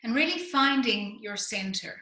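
A woman communication coach leading a slow, soothing guided body-awareness exercise in an online session. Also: fairly high pitch, animated, sharp tone. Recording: echoey room.

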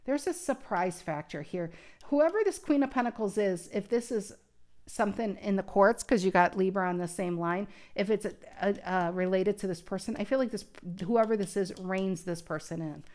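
An earnest woman talks through a tarot spread in a casual, conversational way. She thinks out loud, restarting her sentences often. Her voice sits at an ordinary mid pitch. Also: moderate pace. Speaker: tarot card reader. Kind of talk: casual tarot reading to camera.

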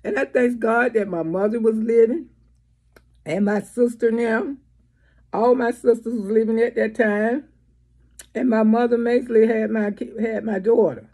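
A woman with a high, husky voice scolds and lectures in a blunt, profane way, as if talking straight to her viewers. Her delivery is frank and cutting, full of swearing. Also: fairly even intonation, moderate pace, mellow. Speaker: vlogger. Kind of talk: blunt commentary vlog.

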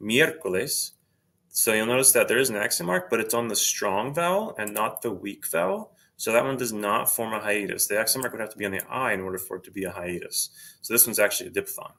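A man teaching a screen-recorded grammar lesson, explaining steadily and saying each example word twice, slowly. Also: on the low side, expressive, sharp tone. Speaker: Spanish teacher.

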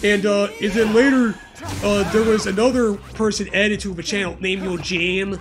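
A young man chatting casually over a video game, telling a rambling, halting story with crude jokes. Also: high voice, steady tone. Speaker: gaming co-host. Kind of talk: casual chat over gameplay. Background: game music.

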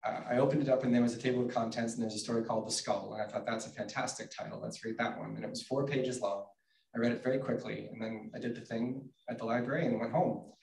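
A man, an author, reading his picture books aloud and chatting about them at a book event, in a dry, relaxed, low-key way. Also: fast talker, gravelly. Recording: roomy, distant mic, faint noise.

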